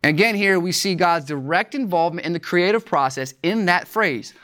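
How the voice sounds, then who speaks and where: Deliberate preacher teaching from scripture. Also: medium pitch, animated, a bit bright. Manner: deliberate, slows for emphasis on key words; asks rhetorical questions.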